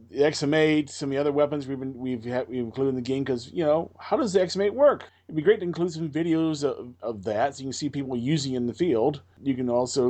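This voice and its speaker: A man's voice: medium pitch, warm tone. A man co-hosting a gaming podcast, chatting casually and thinking aloud. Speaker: podcast co-host.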